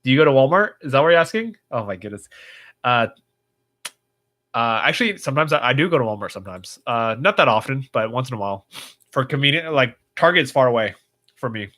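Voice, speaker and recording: A man hosts a casual livestream, reading viewer comments and answering them off the cuff. His voice is bright, and his pitch sits in an ordinary middle range. He rambles with plenty of fillers and restarts. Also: sing-song, fairly quick. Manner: chatty, rambling, reads viewer comments aloud with frequent fillers. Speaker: livestream host.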